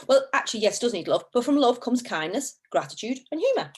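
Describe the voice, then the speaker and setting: A woman's voice: a little high, sing-song, fast talker, few pauses, breathy edge. A woman chats on a live stream about mental health. She is upbeat and encouraging. Now and then she swears casually. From Liverpool, England.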